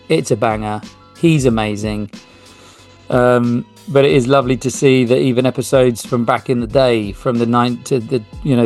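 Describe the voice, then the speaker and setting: Gravelly-voiced podcast host. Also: male voice, mid-range voice, darkish tone. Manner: casual, rambling, reads article text aloud with small slips. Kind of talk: solo podcast talk and reading aloud.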